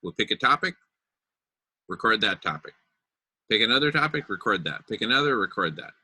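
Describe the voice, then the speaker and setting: A man's voice: on the low side, sing-song, a little fast, sharp tone, husky, no echo. A man hosting a casual group video call, upbeat and enthusiastic. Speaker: meeting host.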